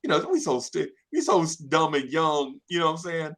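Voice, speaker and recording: A man telling a childhood story in casual chat, animated and slangy, often laughing. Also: fairly high pitch, fairly quick. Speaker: podcast storyteller.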